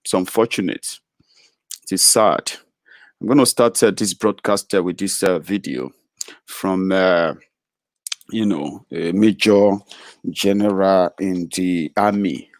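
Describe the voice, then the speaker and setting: Low male host for a political webcast, hesitant with lots of fillers, dry close sound. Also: a little mellow, dry recording. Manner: halting, full of "uh" fillers and restarts. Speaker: host of a political web show. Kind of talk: live broadcast commentary.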